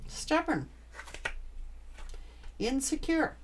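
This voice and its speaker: A woman's voice: a little high, expressive, slow pace, a little hiss or hum. A woman giving a tarot reading, blunt and emphatic, swearing freely as she talks. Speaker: tarot reader.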